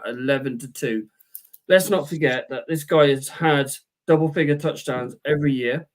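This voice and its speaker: Chatty podcast host. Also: male voice, on the high side. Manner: chatty, rambling with fillers. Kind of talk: casual sports chat.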